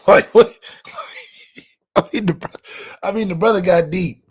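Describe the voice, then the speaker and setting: A man co-hosting a sports podcast in casual chat, animated, laughing and trash-talking. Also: sits high, takes it slowly, breathy edge. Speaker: podcast co-host. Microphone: webcam setup.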